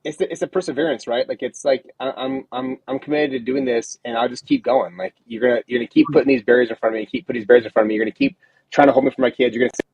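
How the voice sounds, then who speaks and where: A man's voice: medium pitch, expressive, very fast, gravelly, darkish tone, breathy edge, no echo, rough recording. A man hosting a livestream interview, speaking encouragingly and repeating words as he starts sentences. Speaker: host.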